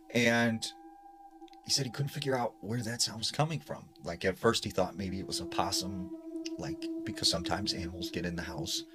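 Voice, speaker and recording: A man's voice: on the low side, low-quality recording. A man narrating scary stories in a casual way, full of fillers, and dropping his voice when quoting people. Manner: casual, many fillers like "like" and "you know". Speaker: storyteller. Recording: music playing underneath.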